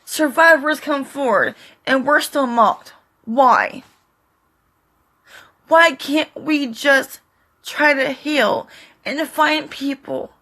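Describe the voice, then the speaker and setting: Slow, bright-voiced emotional woman vlogger. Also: sits high. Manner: tearful, pleading and defiant; slow, halting delivery with short fragments. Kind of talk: emotional direct-to-camera monologue.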